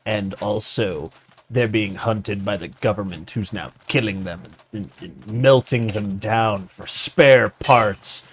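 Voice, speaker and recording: A man's voice: takes it slowly, husky. A man in casual gaming-stream chat with a friend, rambling, swearing and laughing often between sentences. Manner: animated, jumps up and down in pitch.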